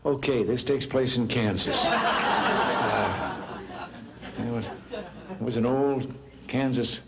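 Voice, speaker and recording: A man's voice: mid-range voice, steady tone, slow, gravelly, heavy background noise. A man in his seventies giving a humorous speech, telling folksy anecdotes and lifting his voice for the characters in his jokes. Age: 70s. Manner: folksy anecdotal storytelling, lifts voice for quoted characters.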